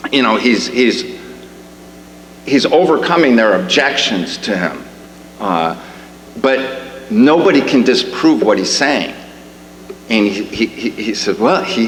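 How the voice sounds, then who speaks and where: A man preaching a sermon in a church, conversational and rising to emphatic questions, with frequent restarts. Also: mid-range voice. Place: church sanctuary. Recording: echoey hall with faint hum.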